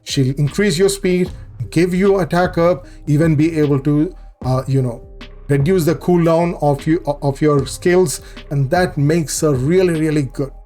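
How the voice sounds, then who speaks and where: Male gaming host, mellow tone, rambling self-correcting guide talk over faint music. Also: on the high side, a little slow. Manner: explanatory, repeats and corrects himself, many fillers. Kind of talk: game guide commentary.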